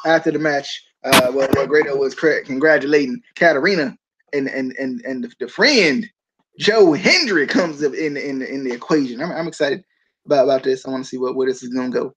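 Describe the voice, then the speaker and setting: A man's voice: medium pitch, brisk, a bit bright, a little hiss or hum. A man hosting a wrestling podcast, rambling casually with frequent laughs and restarts. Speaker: podcast host. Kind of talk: casual chat.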